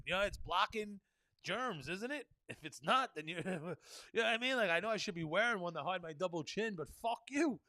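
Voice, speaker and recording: A young man rants alone on his podcast, swearing freely and circling back to "you know what I mean". His voice sits high for a man. The sound is close and dry. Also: a little fast, pushed and bright, no echo. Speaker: podcast host. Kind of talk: solo podcast rant.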